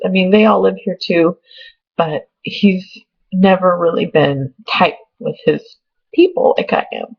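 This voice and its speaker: A young woman talks through her weekly vlog update in a chatty, tearful way, her voice full of gravelly fry. The sound is dull and lo-fi, like a simple home webcam recording. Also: fairly low pitch, steady tone, a little slow. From Oregon, US. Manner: chatty, emotional, on the edge of tears. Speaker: vlogger. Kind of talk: casual pregnancy update vlog.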